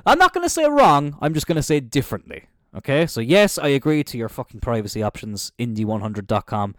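A young Irish man with a Cork accent chats away on his own podcast, his pitch swinging up and down as he rambles from one thought to the next. He swears casually and often loses his train of thought, and his voice comes across dry and close. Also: sing-song, a little fast, no room sound. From Cork, Ireland. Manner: rambling and chatty, swears freely, trails off mid-thought. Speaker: podcast host. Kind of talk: casual solo podcast chat. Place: indoors, seated on a squeaky chair.

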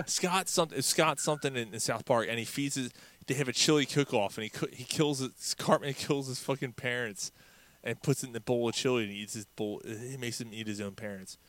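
A man's voice: mid-range voice, a bit bright, no echo. A man co-hosting a podcast, chatting casually in a profane, rambling, digressive way. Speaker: podcast co-host. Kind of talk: casual chat.

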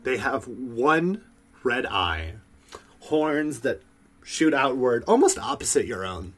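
A man runs a tabletop game and narrates the scene in a relaxed, mid-pitched voice. He talks loosely and leans on casual fillers. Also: slow. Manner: laid-back, loose, filler-heavy. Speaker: game master.

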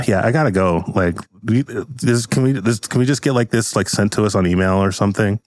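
A man's voice: fairly low pitch, no room sound, natural voice. A man voicing an impatient male student eager to leave class. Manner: whiny and rushed.

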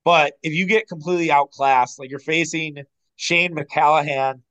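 Dude on a sports podcast, kinda high voice, real smooth and clear, opinionated, swears a bit. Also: male voice, lo-fi sound. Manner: animated, opinionated, quick asides and swearing. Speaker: podcast co-host. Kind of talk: casual sports podcast chat.

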